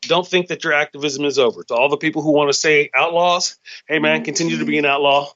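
A man's voice: a little high, steady tone, fast talker, a bit bright. Profane, riffing male comedian host. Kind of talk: casual comedic monologue. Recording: slightly dull lo-fi sound.

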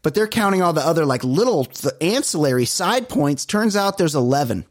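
Animated, profane male podcast co-host. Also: on the high side, a little fast, no echo, clean studio sound. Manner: animated, profane, exasperated storytelling. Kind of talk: casual chat.

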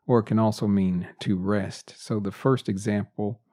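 A man teaching English expressions, repeating each phrase and example sentence slowly and deliberately. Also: lowish voice, fairly even intonation, mellow, no room sound, clean studio sound. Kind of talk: slow, deliberate English lesson.

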